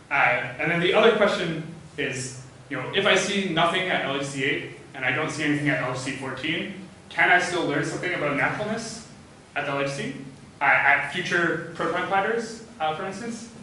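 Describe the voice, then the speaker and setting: A man's voice: fairly high pitch, moderate pace, bright, forceful tone, recorded from a distance, a little hiss or hum. Man lecturing in an echoey hall. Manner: hesitant, many "uh" fillers, thinking aloud. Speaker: physics lecturer. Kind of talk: academic talk.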